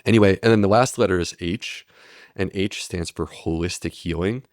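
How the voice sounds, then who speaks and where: A man's voice: low-pitched, normal speed, no room sound, studio quality. A man, a medical doctor, explaining steadily and earnestly in a podcast interview. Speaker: gastroenterologist guest.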